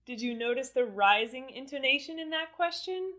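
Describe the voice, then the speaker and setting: A woman teaching English pronunciation in a scripted lesson, speaking deliberately and exaggerating her intonation in the examples. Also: sits high, animated, fairly bright tone.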